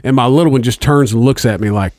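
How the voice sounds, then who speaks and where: A man's voice: medium pitch, fast talker, darkish tone, no echo. Man, 30s, profane, laughs often, casual storytelling, dry close sound. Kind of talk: casual chat.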